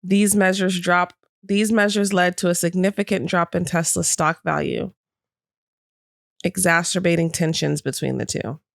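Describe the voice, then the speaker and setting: A woman hosting a casual podcast, with a low, gravelly voice that has a bit of fry in it. She reads news snippets and then riffs on them in chatty slang. The sound is dry and close. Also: steady tone, normal speed, no room sound. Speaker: podcast co-host. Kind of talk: casual chat.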